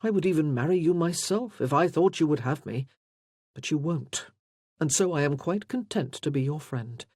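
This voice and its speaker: A man voicing a loyal, protective gentleman friend in an audiobook, speaking warmly and earnestly. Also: a little high, animated, normal speed, husky, no echo, studio quality. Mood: fond. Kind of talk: audiobook character voice.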